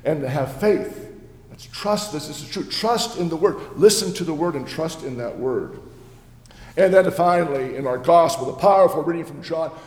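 An actor takes on the role of a jolly old Reformation preacher, his voice fairly high and lightly acted at a moderate pace. Speaking in first person from a church sanctuary, he offers an earnest, down-to-earth sermon with playful asides, and the hall echoes.

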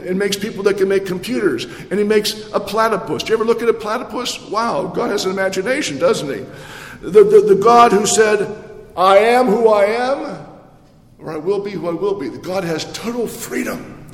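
A male pastor giving a sermon in a conversational way, with rhetorical questions and many restarts. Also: high voice. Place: church. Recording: echoey church hall with long reverb.

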